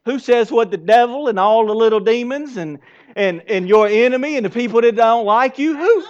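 A man in his forties delivers a sermon in a high voice and talks with his congregation rather than at them. He drops to hushed asides, then pushes back up to loud emphasis. The recording is a little dull and lo-fi. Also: animated, normal speed. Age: 40s. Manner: conversational preaching, questions the congregation. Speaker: pastor.

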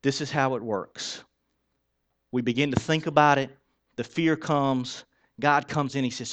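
Male pastor with a slightly raised pitch; preaches conversationally, quizzing the congregation, dropping soft then getting loud. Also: moderate pace. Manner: conversational, asks the congregation rhetorical questions; switches between soft and loud for emphasis. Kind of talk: sermon.

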